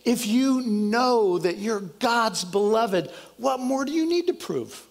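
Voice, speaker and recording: High, gravelly-voiced man preaching. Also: animated, slow, hardly any pauses. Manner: earnest, conversational preaching with repeated restarts; lowers voice to a soft, quiet prayer. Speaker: pastor. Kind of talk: sermon.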